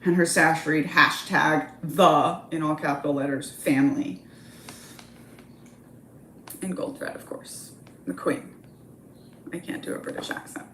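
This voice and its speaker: A woman's voice: sits low, expressive, measured pace, long pauses, fairly bright tone, echoey room, slight background noise. A woman reading a comedy script aloud, with casual, offhand asides. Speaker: script reader.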